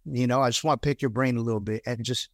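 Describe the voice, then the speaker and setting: A male podcast host speaks at a middle pitch and gives encouraging advice in a casual chat. His voice sits close and dry on the mic. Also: fairly even intonation, quick pace, no room sound.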